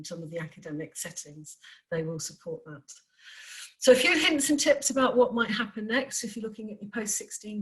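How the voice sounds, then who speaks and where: A woman from the council giving a presentation to parents, hesitant with many pauses and restarts. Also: medium pitch, poor audio. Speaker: council adviser on special needs education.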